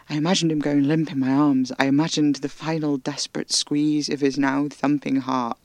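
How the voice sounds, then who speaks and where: A man narrates a horror audio drama in the first person, with a gravelly, creaky voice at a middle pitch. His delivery is hushed and intimate, often dropping to breathy whispers, and the sound is dry and close. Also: no echo.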